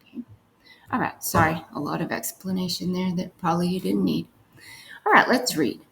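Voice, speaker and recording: A young woman teaching a recorded phonics lesson, dictating sentences slowly and sounding out words with care. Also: on the low side, gravelly, a bit bright, low-quality recording. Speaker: reading teacher.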